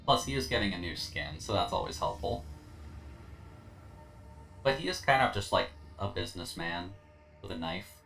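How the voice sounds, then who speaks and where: A man's voice: fairly low pitch, lively intonation, moderate pace, gravelly, long pauses, fairly bright tone, faint music behind. A tired man streaming a video game, talking through his play in a laid-back, rambling way with lots of fillers and slightly slurred words. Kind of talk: casual gameplay commentary.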